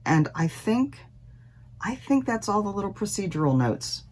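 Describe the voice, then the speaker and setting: A woman's voice: mid-range voice, very animated, normal speed, a little mellow, slightly rough. A woman talking casually to her viewers in a rambling, chatty way, with fillers and self-deprecating asides, recorded at home. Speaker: cross stitch vlogger.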